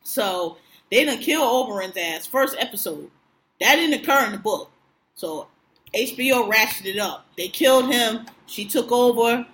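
A woman co-hosting a casual show chat, animated, slangy and profane, often breaking into laughs. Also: fairly high pitch, moderate pace. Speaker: podcast co-host. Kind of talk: casual chat recapping TV shows.

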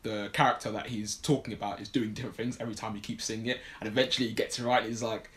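Man, lowish voice, rapid talker, rambling film recap, casual podcast chat. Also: flat delivery, fairly bright tone. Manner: rambling plot recap with many fillers. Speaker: podcast co-host.

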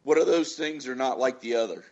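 A man's voice: medium pitch, fairly quick, highs cut off. Swearing man telling movie stories. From Florida. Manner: swearing storyteller, acts out quotes loudly. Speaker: podcast co-host. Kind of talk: casual chat.

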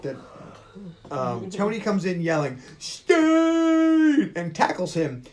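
Lively, profane man recapping a movie. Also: a little high, a little slow. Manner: profane, animated storytelling. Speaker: podcast host. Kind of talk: casual movie recap chat.

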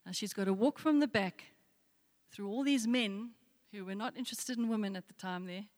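A woman's voice: mid-range voice, normal speed, a little mellow. Woman preaching in a reverberant hall. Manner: storytelling with repeated rhetorical questions. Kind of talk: sermon.

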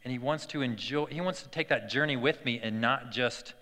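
Bright-voiced man telling a story in a hall. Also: mid-range voice, a little fast. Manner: conversational storytelling with many fillers and restarts. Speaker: speaker giving a devotional talk. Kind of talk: sermon-style personal story. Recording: long hall reverb.

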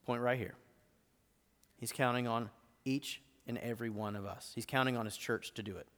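A man's voice: medium pitch, steady tone, moderate pace, a bit bright. A man and lead teaching pastor giving a live sermon, asking the congregation emphatic rhetorical questions. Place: church auditorium. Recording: long reverb in a live hall.

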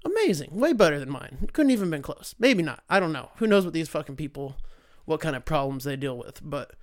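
A man's voice: on the high side, animated, brisk, dry recording, studio quality. A young man, hosting a casual solo talk show in a profane, rambling, sarcastic way. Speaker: podcast host.

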